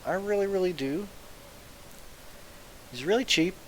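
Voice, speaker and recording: A young man casually streaming about fantasy sports, rambling, excitable and swearing freely. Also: high voice, measured pace, poor audio. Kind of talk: casual live-stream chat. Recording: faint hiss.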